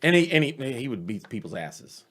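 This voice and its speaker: A comedian, telling stories in a casual podcast chat, animated and swearing freely. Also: male voice, medium pitch, brisk. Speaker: comedian guest.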